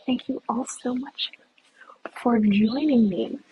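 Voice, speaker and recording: A woman leading a live walking tour outdoors, talking in a relaxed, often hushed way as she walks with her phone. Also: a little high, slow pace, background noise. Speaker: tour guide. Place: outdoors in a hillside village.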